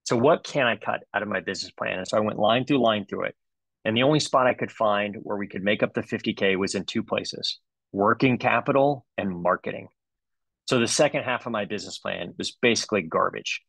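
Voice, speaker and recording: A man's voice: fairly low pitch, brisk, vocal fry, a bit bright, no room sound, low-quality recording. A man in his forties, a dentist, giving a comedic webinar talk with playful, exaggerated storytelling. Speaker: dentist presenter.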